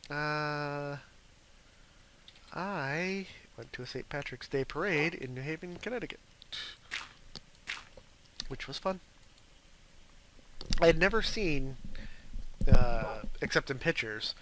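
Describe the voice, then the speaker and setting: A man's voice: fairly high pitch, fairly bright tone, a little hiss or hum. A young man rambling casually through gameplay commentary, chatting and talking fondly to his pet wolf. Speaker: gaming video host.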